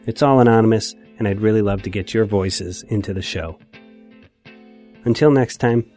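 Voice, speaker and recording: A man with a lowish voice narrates a personal memoir in a quiet, measured way, letting emotion show. Faint music sits underneath. He sounds like a podcast host reading his own story.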